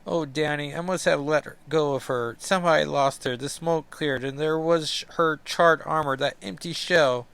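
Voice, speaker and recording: A man's voice: fairly high pitch, steady tone, normal speed, gravelly, few pauses, a bit bright, smooth, voice pushed up. A man voicing a distraught young woman who lost a friend.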